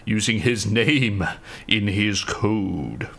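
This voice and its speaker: Man doing a swooning obsessive admirer, very slow, drawn out, dreamy. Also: on the low side, creaky, background noise, exaggerated voice.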